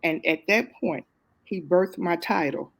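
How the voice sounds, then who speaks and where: A middle-aged woman, a guest on a talk show, telling a personal story in a lively, expressive way with casual Southern phrasing. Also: fairly low pitch, vocal fry, husky. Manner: lively, expressive, quick to laugh at herself.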